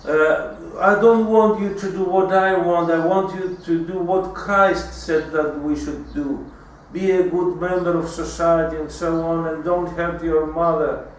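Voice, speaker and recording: A man's voice: on the high side, fairly even intonation, a little slow, slight background noise, natural voice. A man voicing a manipulative middle-aged mother, whiny and pleading in a theatrical way. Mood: coaxing. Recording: echoey room, mic far off.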